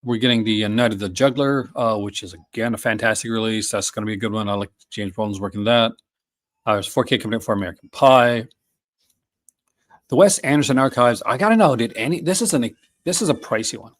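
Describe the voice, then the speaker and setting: A man's voice: medium pitch, brisk. A man hosting a casual live stream, talking enthusiastically with many fillers and restarts. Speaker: host.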